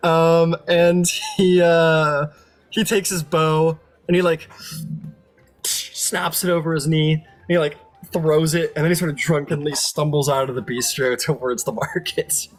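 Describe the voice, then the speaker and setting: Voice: medium pitch, steady tone, unhurried, faint music behind. A game master narrating a tabletop game in a loose, rambling way, full of fillers and laughter.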